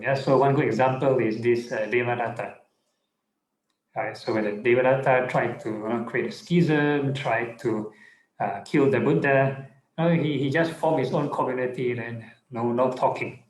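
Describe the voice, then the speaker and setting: A man, a monk, giving a relaxed Buddhist Dhamma talk online, with many fillers and checking in with "yeah?". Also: medium pitch, unhurried, reverberant, low-quality recording. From Singapore. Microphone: online video call.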